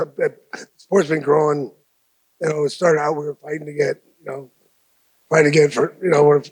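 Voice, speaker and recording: A man on a fighters' panel, plain-spoken, restarting and repeating phrases. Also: on the high side. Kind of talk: casual panel answers.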